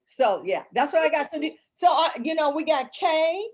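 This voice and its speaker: A middle-aged woman from St. Louis, chatting casually as a co-host and telling lively family stories. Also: high-pitched, normal speed. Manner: animated storyteller, acts out voices of her kids. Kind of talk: casual chat.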